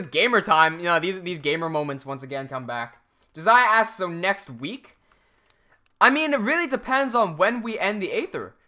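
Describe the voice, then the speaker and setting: Young guy from hong kong, american english accent, really bright voice, chatting on stream reading comments. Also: sits high. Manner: chatty, reads viewer comments aloud. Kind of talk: casual livestream chat.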